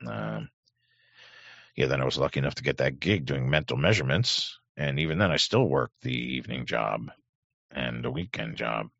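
A man's voice: very deep voice, normal speed, creaky, fairly bright tone, no echo, lo-fi sound. A middle-aged man hosting a livestream, reading chat aloud in a sardonic, rambling way with many fillers. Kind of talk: casual livestream commentary.

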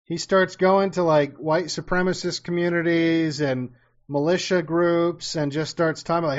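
A man with a high voice drawls through a casual story in a sarcastic way, dropping swear words as he goes. His pace is slow and unhurried. The recording sounds a little dull and lo-fi. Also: steady tone.

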